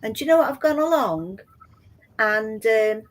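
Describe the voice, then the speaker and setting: A woman's voice: on the high side, expressive, normal speed. A woman in a casual chat, speaking hesitantly with many ums and restarts.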